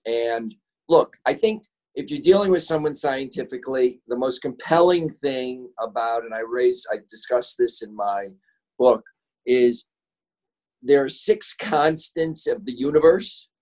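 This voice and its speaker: Male author guest, mid pitch, earnest and chatty. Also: darkish tone, poor audio. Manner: earnest, storytelling. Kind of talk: conversational interview answers.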